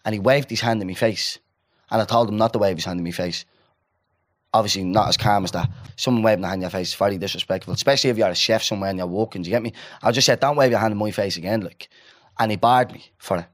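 A man, co-hosting a casual podcast and telling a story with lively asides, acting out the people he quotes. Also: fairly low pitch, fast. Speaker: podcast co-host. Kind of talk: casual chat.

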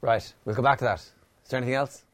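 A man's voice: mid-range voice, steady tone, fast. A middle-aged Irish man hosting a podcast, talking casually and hesitantly, with frequent restarts and fillers. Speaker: podcast host. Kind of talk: casual chat.

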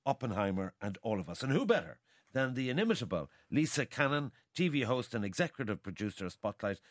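A man hosting a radio talk show, brisk and teasing with quick interjections. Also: medium pitch, very animated, dry recording, studio quality.

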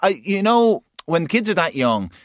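A man's voice: high voice, normal speed, no echo, studio quality. A man hosting a radio show, chatting and joking with a guest. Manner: animated, joking. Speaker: radio host. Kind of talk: casual radio chat.

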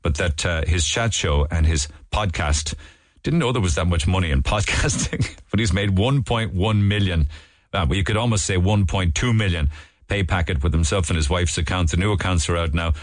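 Deep-voiced Irish radio host. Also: male voice, moderate pace, no room sound. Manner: chatty and digressive, with frequent restarts and asides. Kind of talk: casual newspaper review chat.

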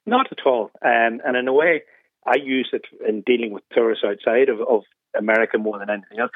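Fast-talking Irish man on a phone line. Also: medium pitch, creaky, no echo. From Ireland. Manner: emphatic, rising when enthused. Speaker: caller. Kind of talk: phone-in radio opinion. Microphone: telephone.

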